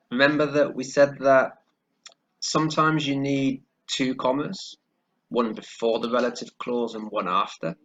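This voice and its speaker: A man teaching English grammar, explaining slowly and carefully and checking in with "okay" as he goes. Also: medium pitch, a bit bright. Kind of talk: grammar lesson while writing on screen. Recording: dull lo-fi recording.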